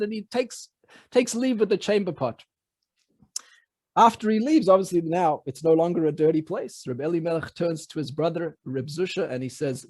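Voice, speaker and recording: High-voiced man telling a folk tale. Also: brisk, darkish tone, no room sound. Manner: conversational, many fillers and restarts. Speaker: rabbi. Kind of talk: oral storytelling.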